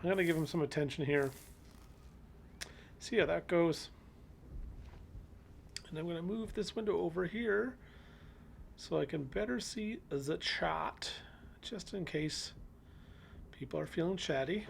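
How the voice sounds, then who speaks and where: A gravelly, slightly high-voiced man streams a game live, chatting along as he plays. He coos at the animals he meets, and a steady hiss of noise sits behind him. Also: measured pace, long pauses.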